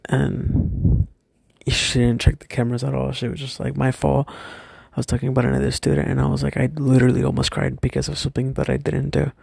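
A young man telling a personal story from his school days, hesitant and halting, often stopping and restarting. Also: mid-range voice, completely flat delivery, vocal fry, a little mellow, slightly rough, no echo, studio quality.

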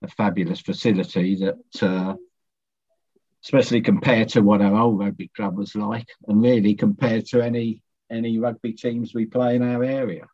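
A man's voice: fairly low pitch, level tone, normal speed, mellow, highs cut off. A man in his seventies, a long-time club member, reminiscing casually in brief, understated replies.

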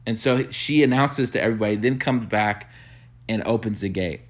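A man preaching a sermon, telling a story with animated quoted bursts and soft hushed reflective asides. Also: normal speed. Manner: animated storyteller, acts out quotes with sudden high-pitched bursts. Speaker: pastor.

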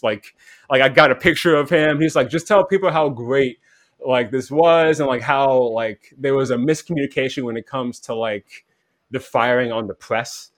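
A man's voice: medium pitch, moderate pace, dry recording. A man telling a rambling, casual story about an online game, full of "like" fillers, acting out quoted voices. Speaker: podcast guest.

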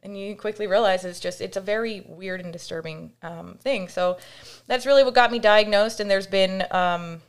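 A young adult woman, a podcast guest, telling a candid personal story in a casual, animated way, with many fillers and quoted voices acted out. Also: medium pitch, normal speed, clean tone.

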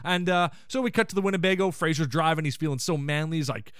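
Lively fast-talking man recapping a show. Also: fairly high pitch, smooth, no echo, studio quality. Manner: animated, quotes characters in quick put-on voices. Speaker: podcast host. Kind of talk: casual episode recap.

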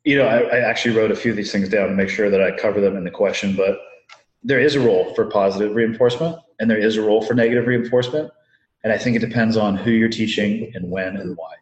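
Measured man, low voice, roomy sound. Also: steady tone, lo-fi sound. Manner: measured, explanatory. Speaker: former dive instructor guest. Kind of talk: casual interview chat. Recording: echoey room.

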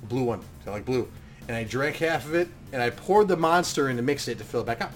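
A man in casual chat, telling a rambling story with lots of swearing and acting out what he said back then, sometimes getting loud. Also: medium pitch, fast, faint music behind. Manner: animated, swearing, acts out his own past talk loudly.

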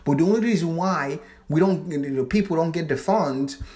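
A man's voice: fairly high pitch, moderate pace, darkish tone. A man hosting his own channel, talking casually about spirituality, preachy and emphatic, swearing freely and using loose non-standard grammar. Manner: fluid non-standard grammar with frequent restarts. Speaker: channel host.

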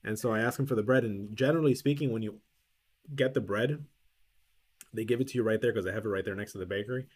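A man's voice: lowish voice, quick pace, darkish tone. A man co-hosting a podcast, telling a long anecdote in casual chat, with lots of restarts and acted-out quotes. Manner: rambling storyteller, lots of restarts and quoted dialogue. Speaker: podcast co-host.

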